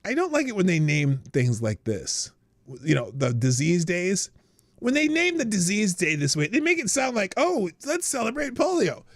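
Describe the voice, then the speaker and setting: Sarcastic, lively American man hosting a stream. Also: high voice, normal speed, dry recording. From United States. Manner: sarcastic, laughs at his own jokes. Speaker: live-stream host. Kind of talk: casual solo live-stream commentary.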